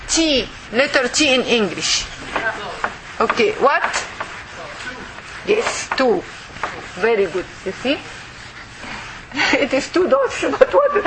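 Slow, high-voiced woman teaching a class. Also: noisy background. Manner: slow, patient, repeats sounds for the class to copy. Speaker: Arabic teacher. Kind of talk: classroom lesson.

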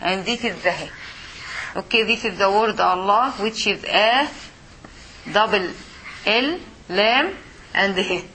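A woman teaching Arabic letters in a mosque, patiently repeating each sound and modeling pronunciation slowly for her students. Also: mid-range voice, pushed and bright, a little hiss or hum, poor audio. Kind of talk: classroom lesson.

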